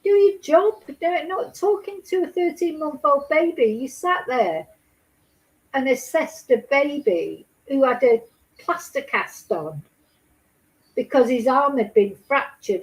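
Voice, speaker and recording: A woman's voice: a little high, a little mellow, rough recording. A woman hosting a casual true-crime chat, talking emphatically and indignantly, repeating herself and swearing. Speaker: host.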